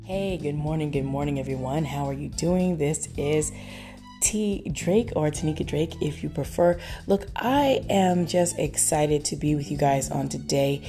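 Woman, podcast host, gravelly, low-ish voice, encouraging, faith-filled, music behind. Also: a little slow, warm tone. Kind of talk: upbeat motivational podcast talk.

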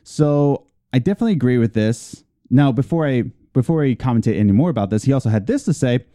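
Lively, mellow-voiced male podcast host. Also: medium pitch, quick pace. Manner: playful, teasing asides. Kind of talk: casual podcast chat.

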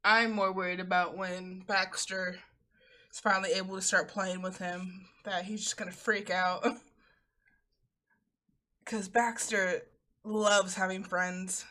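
A woman's voice: mid-range voice, takes it slowly, long pauses. A woman in casual chat, swearing freely and laughing often as she tells stories. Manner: laughing, profane, animated storytelling.

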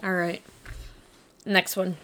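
A young woman co-hosting a casual podcast, chatty and giggly, quick to tease. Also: lowish voice, level tone, sharp tone, a little hiss or hum. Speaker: podcast co-host. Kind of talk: casual chat.

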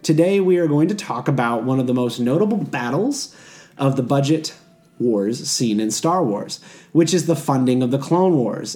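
Male podcast host, mid pitch, brisk and chatty. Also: mellow. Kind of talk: casual podcast chat.

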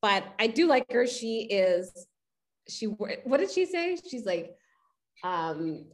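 A woman co-hosting a podcast in casual chat, animated and acting out the voices of people she quotes. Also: mid-range voice, slow. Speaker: podcast co-host.

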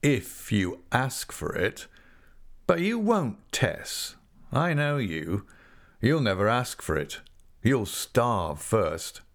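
A man reading an overbearing young gentleman suitor. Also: mid-range voice, very animated, slow pace. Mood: mocking. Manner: insistent, coaxing, overbearing. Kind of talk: audiobook character voice.

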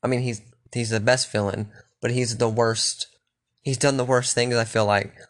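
A man's voice: medium pitch, steady tone, normal speed. A young man chatting casually and rambling, swearing freely and restarting his sentences often. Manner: loose, profane, rambling with restarts.

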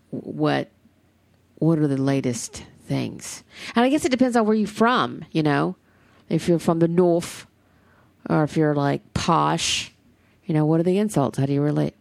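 American woman, podcast host, gravelly, lower voice, rambling casual chat. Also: a little mellow, no room sound. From United States. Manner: rambling, chatty, swears freely.

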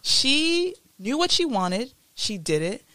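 A woman co-hosting a casual podcast chat, earnest and storytelling with quick laughs. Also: sits high, sing-song, bright, forceful tone, dry recording. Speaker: podcast co-host.

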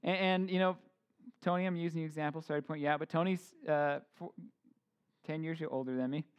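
A man's voice: on the high side, fairly even intonation, quick pace, clear, resonant tone, muffled recording. A man in his thirties preaching a casual sermon, informal, with joking asides and many fillers and restarts. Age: 30s. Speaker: pastor.

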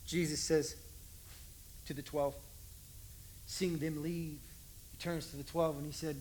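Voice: mid-range voice, little pitch movement, unhurried, pauses often, a little mellow, slight background noise. A pastor giving a conversational sermon, repeating key lines for emphasis. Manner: conversational, acts out voices, emphatic repetition.

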